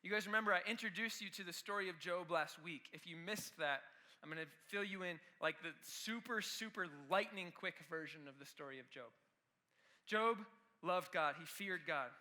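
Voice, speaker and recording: A man's voice: high voice, moderate pace, sharp tone. A man preaching a youth sermon with energy, talking straight to the students. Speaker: youth pastor.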